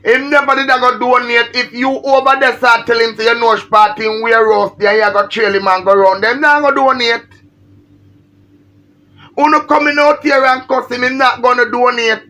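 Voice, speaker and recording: Emphatic Jamaican woman with a bright voice. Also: on the high side, fairly even intonation, normal speed. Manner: emphatic, pleading, repetitive. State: feeling unwell. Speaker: social media personality. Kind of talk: ranting on a livestream.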